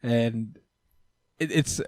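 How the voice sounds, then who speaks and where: A man's voice: mid-range voice, very slow, darkish tone, no echo, clean studio sound. A man hosting a podcast in casual chat, easygoing and agreeable, with lots of fillers. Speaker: podcast host.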